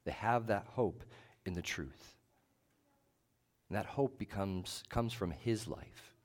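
A male pastor preaching a sermon in a measured, emphatic way, leaning on short repeated phrases. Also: on the low side, darkish tone.

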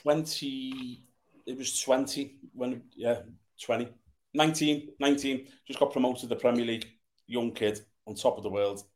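A man's voice: fairly even intonation, normal speed. A middle-aged man, a former footballer, answering quiz questions bluntly and with laddish humour. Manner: blunt, low-key, laddish. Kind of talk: casual chat.

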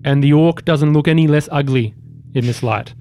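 A man narrating as game master, giving calm rulings with dry humor. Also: on the high side, moderate pace.

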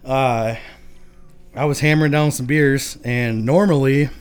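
A relaxed young man from Michigan spins a long personal story. His voice sits at a medium pitch. He is casual and profane, and he laughs easily. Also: measured pace, clean tone. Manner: laid-back, laughing often, profane. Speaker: podcast guest.

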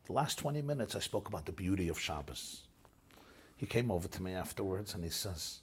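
A man speaking as a rabbi, with an extremely husky, gravelly-rough voice pitched very low. He tells stories with earnest passion and drops Hebrew and Yiddish terms into his English. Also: very animated, a little fast. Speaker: rabbi and lecturer. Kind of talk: impassioned storytelling.

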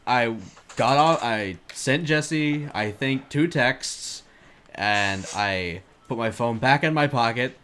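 Bright, rambling podcast co-host, man. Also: medium pitch, takes it slowly, slight background noise. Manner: rambling, self-mocking, swears freely. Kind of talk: casual comedic storytelling.

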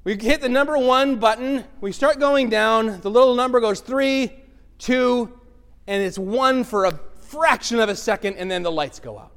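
A middle-aged male pastor preaching a sermon, telling a personal story in a lively way and acting out the voices. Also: extremely high pitch, moderate pace, clean tone. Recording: long reverb from a large hall.

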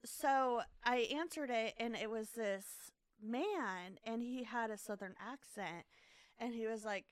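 Woman podcast host, smooth clear voice, animated storytelling, dry close sound. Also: fairly high pitch, unhurried, no room sound. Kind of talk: casual chat.

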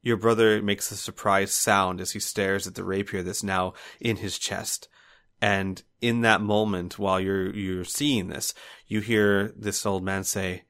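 A man narrating a tabletop game as game master, halting now and then with fillers. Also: low-pitched, a bit bright.

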